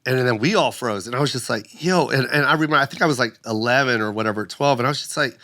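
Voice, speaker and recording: A man's voice: medium pitch, fast talker, pushed and bright. A man in his fifties, a comedian telling stories on a podcast in a profane, emphatic way. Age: 50s. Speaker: guest comedian. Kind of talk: casual podcast storytelling.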